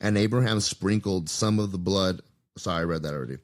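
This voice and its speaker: A podcast host with a very deep, low-pitched voice reads scripture aloud at a steady pace. Between passages he drops into loose, conversational asides, musing out loud before moving on to the next page. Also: brisk. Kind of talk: reading scripture aloud with casual commentary.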